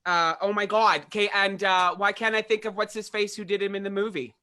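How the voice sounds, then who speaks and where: A man's voice: high-pitched, little pitch movement, fairly quick, bright, forceful tone, a little hiss or hum. A man hosting a casual talk show, asking rambling questions in a playful way and laughing often. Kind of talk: casual interview chat.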